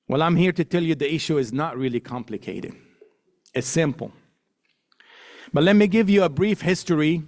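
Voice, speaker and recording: Middle-aged guy giving a talk, kinda high voice, hammers points home with repeats and lists. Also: lively intonation, normal speed. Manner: emphatic, builds points through repetition and lists. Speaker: guest speaker. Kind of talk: public talk to an audience.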